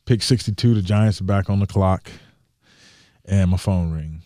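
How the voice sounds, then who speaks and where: Low, dark-voiced young man telling a story. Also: moderate pace, no echo, studio quality. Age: young adult. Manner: animated storyteller, acts out his own past thoughts. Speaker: NFL tight end, guest. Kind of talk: casual interview storytelling.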